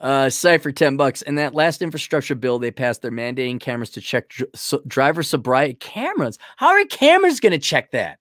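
A man's voice: mid-range voice, very animated, brisk, few pauses, fairly bright tone, no room sound, studio quality. A man hosting a casual livestream, reading viewer donations aloud and riffing on them with sarcasm. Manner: sarcastic, rambling. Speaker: stream host reading donations.

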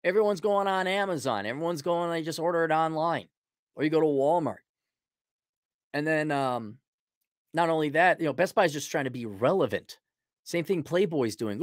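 A middle-aged man with a slightly high-pitched voice rants sarcastically from his livestream desk. He rambles, restarts, and shifts into mocking tones. The sound is close and dry, with no room echo. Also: expressive, moderate pace. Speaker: livestream host. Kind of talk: casual opinionated commentary.

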